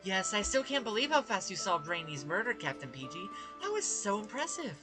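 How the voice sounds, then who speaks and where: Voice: medium pitch, very animated, brisk, over music, pitched above the performer's own voice, lightly acted. A gamer reading game dialogue aloud, voicing a blunt, morbid young female psychology student in a cool, matter-of-fact way.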